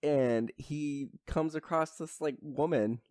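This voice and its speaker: A man's voice: a little high, slow pace, darkish tone, no echo. Podcast co-host, male, casual rambling plot recap with mock voices for characters, close dry mic. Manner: rambling storyteller, acts out characters' lines. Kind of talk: casual movie recap chat.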